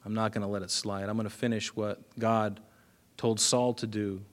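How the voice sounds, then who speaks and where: Casual: dude doing a blunt old prophet, quiet but firm. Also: male voice, fairly low pitch, level tone, normal speed, close to an everyday voice. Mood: stern. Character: stern elderly male prophet.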